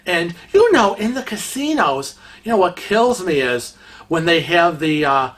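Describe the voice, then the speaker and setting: A man's voice: on the high side, bright, forceful tone. A man hosting a travel vlog, telling gossipy anecdotes in a casual, chatty way. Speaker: vlog host. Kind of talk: casual storytelling.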